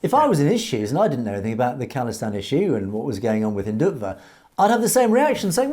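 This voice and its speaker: A man commentating on a video in measured, earnest political commentary, with light hesitations. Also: medium pitch, wildly swooping pitch, warm tone. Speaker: online news commentator.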